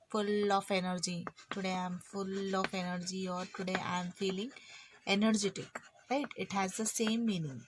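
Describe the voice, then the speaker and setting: An Indian English woman teaches a physics lesson online. She talks casually and plays her students' remarks in a joking way. Her voice sits in a middle pitch, with a faint hiss behind it. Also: level tone, moderate pace. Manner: chatty, acts out students' lines teasingly.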